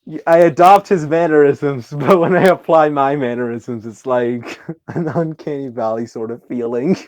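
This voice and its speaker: A young man hosting a casual podcast, goofy and quick to laugh, putting on an exaggerated persona voice. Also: medium pitch, a little mellow. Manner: giggly, goofy, breaks into laughter often; adopts a deliberately exaggerated persona voice. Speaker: podcast host.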